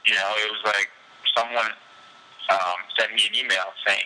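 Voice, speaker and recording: Male fighter guest, low voice with a very bright, forceful edge, animated and candid, laughs easily. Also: fast talker, rough recording. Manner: animated, laughs often, loose fillers. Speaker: professional fighter, interview guest. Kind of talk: candid casual storytelling.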